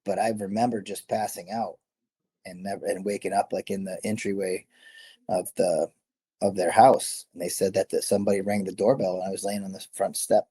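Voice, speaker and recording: A middle-aged man, a former fighter, tells stories in a loose, rambling way, often correcting himself and laughing. His voice sits low and sounds husky. His tone stays dark and mellow. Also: level tone, fairly quick. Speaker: guest, former MMA fighter. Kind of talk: casual storytelling interview.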